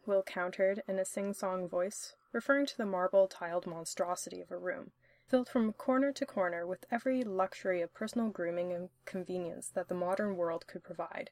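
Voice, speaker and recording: A woman narrating a story in an even, steady reading manner. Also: on the low side, normal speed, no room sound. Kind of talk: audiobook-style story reading.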